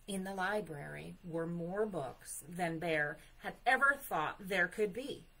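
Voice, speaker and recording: A woman reads a picture book aloud at library story time, unhurried and expressive. Her voice moves through a lively range, and she pauses to add chatty asides about the pictures. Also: lowish voice, a little hiss or hum, poor audio.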